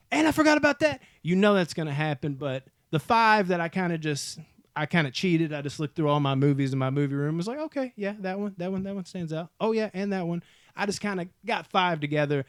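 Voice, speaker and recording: A man's voice: a little high, no echo, studio quality. A man hosting a casual movie vlog, talking enthusiastically to his viewers in slangy, profane speech. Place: home movie room.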